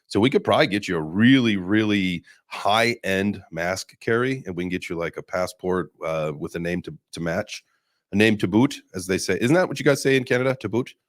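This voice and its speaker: A man's voice: low voice, brisk, no echo, clean studio sound. A young man hosting a casual crypto podcast chat, talking loosely with some cursing. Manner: loose, profane banter. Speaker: crypto show host.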